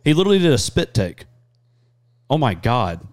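A man hosting a podcast, chatting casually and crudely, rambling fast between jokes. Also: medium pitch, big pitch swings, a little hiss or hum. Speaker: podcast host. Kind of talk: casual chat.

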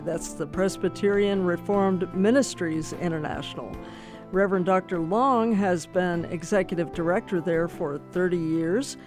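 A man's voice: high voice, a little mellow. A man hosting a radio interview show, introducing guests in a friendly, playful manner.

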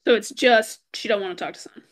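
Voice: medium pitch, fast talker, fairly bright tone. A player at a tabletop game, chatting hesitantly and asking the game master questions. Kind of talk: casual chat at a game table.

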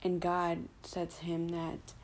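Mellow, low-voiced woman retelling scripture. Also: completely flat delivery, slow pace, a little hiss or hum. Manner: loose and conversational, with fillers and self-corrections. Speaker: Bible study presenter.

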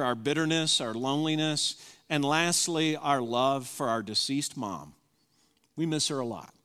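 A man's voice: mid-range voice, a bit bright. A pastor in his fifties preaching a sermon, telling an emotional personal story and reading from an old journal. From Southern US. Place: church sanctuary. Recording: reverberant hall.

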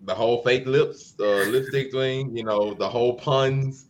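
A man on a casual movie roundtable who talks in a relaxed, amused, rambling way. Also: medium pitch, unhurried. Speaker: podcast panelist.

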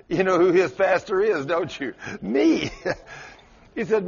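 A man's voice: big pitch swings, slow pace, gravelly, pauses often, slightly rough. A male pastor preaching a sermon, telling a story with sudden rises and drops in his voice. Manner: storytelling with dramatic swings in pitch and loudness. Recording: muffled lo-fi sermon recording.

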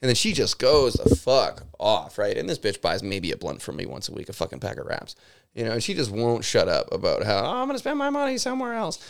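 A man's voice: lowish voice, animated, brisk, creaky. A man who co-hosts a podcast and owns a shop, telling rambling anecdotes in casual chat and swearing freely. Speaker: store owner, podcast co-host.

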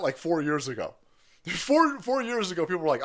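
A man's voice: a little high, sing-song, a little fast. Profane, sarcastic male streamer. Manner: frequent laughter and sudden yells. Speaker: stream host. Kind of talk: livestream commentary rant.

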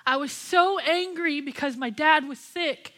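A woman's voice: sits high, unhurried, fairly bright tone. A young woman pastor and worship leader giving an impassioned, candid sermon with personal testimony.

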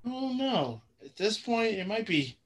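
A man's voice: high-pitched, sing-song, a little slow. A young man co-hosting a podcast who talks in a blunt, skeptical and dismissive way. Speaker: podcast co-host. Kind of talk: casual chat.

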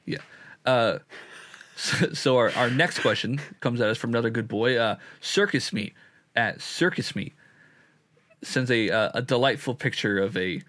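A man's voice: mid-range voice, fairly bright tone, dry recording. A young man in his twenties co-hosting a casual comedy podcast, goofy and slangy in his chat. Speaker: podcast co-host.

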